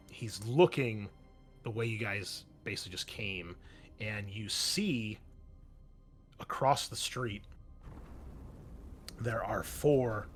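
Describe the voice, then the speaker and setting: A man narrating a tabletop role-playing game as game master, pausing often with fillers and restarts. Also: on the low side, fairly bright tone. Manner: halting, many fillers and restarts.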